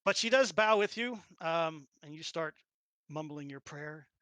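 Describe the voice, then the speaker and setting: A man's voice: on the high side, lively intonation, measured pace, pushed and bright, no echo. A man running a tabletop role-playing game as game master, narrating the action animatedly, laughing often and acting out little sounds.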